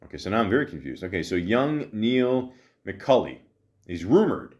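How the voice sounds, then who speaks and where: A low-ish, slightly mellow man speaks at normal speed but sounds very animated as he riffs solo on a movie for his podcast. Of half Italian, half Greek background, he rambles and jokes, swearing often and restarting sentences amid many fillers.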